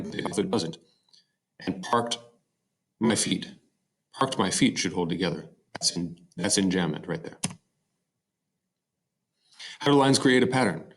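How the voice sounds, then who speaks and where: A man's voice: sits low, fairly bright tone, a little hiss or hum. A man giving a recorded slide-show lecture on poetry, explaining step by step with fillers and self-corrections. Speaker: teacher.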